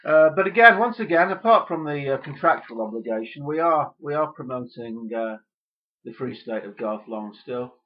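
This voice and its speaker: A man delivering a deadpan comic rant in a gloomy, hesitant way. His voice sits at an ordinary pitch. The recording sounds dull and lo-fi. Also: normal speed. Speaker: comedy podcast host.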